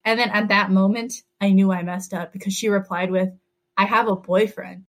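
A woman's voice: medium pitch, fairly even intonation, moderate pace. Chatty young woman rambling through a story. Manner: rambling, heavy use of "like". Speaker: podcast host. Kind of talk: casual storytelling chat.

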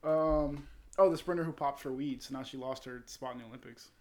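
Fast-talking crude storyteller man. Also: medium pitch. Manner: crude, animated storytelling with acted quotes. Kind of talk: casual storytelling chat.

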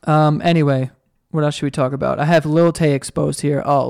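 A man's voice: fairly high pitch, steady tone, fairly quick, gravelly, clear, resonant tone, dry recording, studio quality. A young man hosting a podcast alone, chatting casually and rambling through an ad read, his voice cracking now and then. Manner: rambling, self-deprecating, voice cracking. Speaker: podcast host.

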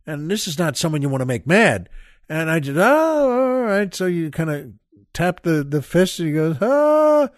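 Older male host, halting storyteller, slightly high voice, dry studio sound. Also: no room sound. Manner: rambling, halting, with many restarts and asides to the listener. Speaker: podcast host. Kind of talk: casual storytelling monologue.

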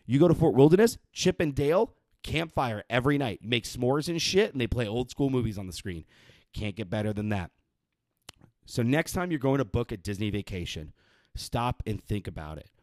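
A man's voice: medium pitch, animated, moderate pace, no echo. A young man delivering a profane, rambling rant in a casual monologue, exasperated and sweary. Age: young adult. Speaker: vlogger ranting.

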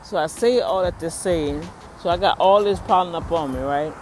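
A woman casually telling viewers a personal story, animated, talking straight to the camera outdoors. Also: lowish voice, moderate pace, slight background noise. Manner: animated, acts out the people in her story, talks to the camera.

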